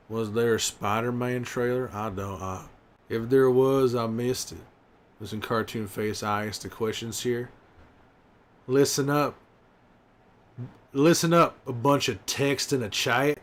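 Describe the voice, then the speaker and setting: Gruff, wry middle-aged survivor, a man in character, teasing chat with slow, easy cursing. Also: medium pitch, close to an everyday voice. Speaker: streamer in character. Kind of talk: in-character livestream banter.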